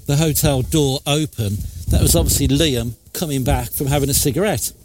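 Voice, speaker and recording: A man hosting a live radio show, telling a jokey story in a chatty, animated way. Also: on the high side, noisy background. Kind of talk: casual radio chat. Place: radio studio.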